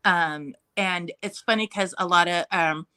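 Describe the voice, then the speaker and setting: A woman in her forties, a guest author on a video call at home, telling stories in a lively, animated way. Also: lowish voice, measured pace, clean tone. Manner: animated storyteller, acts out quoted voices. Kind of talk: casual chat on a video call. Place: room at home.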